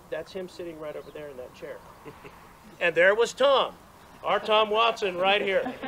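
Man, fairly high voice, chatty outdoor dedication speaker, self-deprecating, faint outdoor noise behind. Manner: chatty, self-deprecating, frequent restarts and laughs. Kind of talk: outdoor storytelling speech. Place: outdoors at a gathering.

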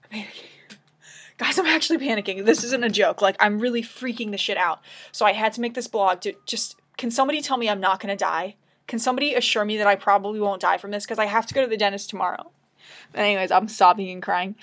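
A woman's voice: mid-range voice, fast, fairly bright tone. A tearful woman talking anxiously in a casual confessional vlog, rambling and emotional, at times dropping to a whisper. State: tearful, crying. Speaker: vlogger.

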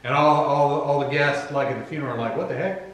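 A man's voice: a little high, fairly even intonation, fast talker, heavy reverb, rough recording. A man preaching a sermon as pastor, in a conversational, emphatic manner, retelling scenes in his own casual words. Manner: conversational, emphatic, voicing Bible figures casually. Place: church sanctuary.

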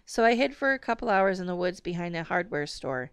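A woman's voice: fairly low pitch, expressive, brisk, smooth, no echo. A woman reading aloud, voicing an indignant father who pleads and protests in a dry, raised voice. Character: exasperated father, defiant and self-righteous man.

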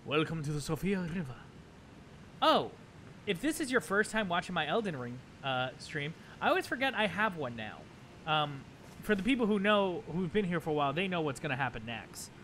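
A man with a slightly high, fairly bright voice and big pitch swings talks at normal speed while live-streaming a game. He speaks casually and directly to his chat, rambling with lots of fillers and restarts as game music plays. There is slight background noise.

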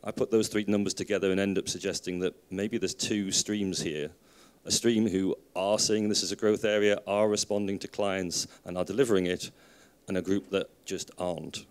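A man in the audience at a conference workshop, calmly building an argument from figures. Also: sits low, clear, resonant tone. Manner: measured, builds an argument from numbers. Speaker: audience member. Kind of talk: audience comment.

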